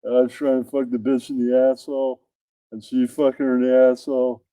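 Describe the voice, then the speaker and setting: A man reads crude stand-up bits aloud and caps the jokes with flat deadpan tags. His voice is mellow and smooth, with a resonant tone. The sound is close and dry. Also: mid-range voice, fairly quick, no room sound. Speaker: comedian reading his own bits.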